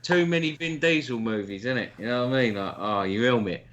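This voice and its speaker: A man's voice: mid-range voice, a little fast, a bit bright, dull audio. A man in casual banter, mocking someone and swearing, now and then slipping into silly impressions.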